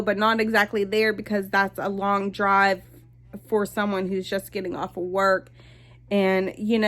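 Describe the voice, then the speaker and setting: A young adult woman speaks straight to her viewers in a candid, conversational vlog, her voice sitting at an ordinary middle pitch. She circles back and restarts often, filling pauses with ums and you-knows as she tells her story. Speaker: vlogger. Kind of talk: personal storytelling to camera.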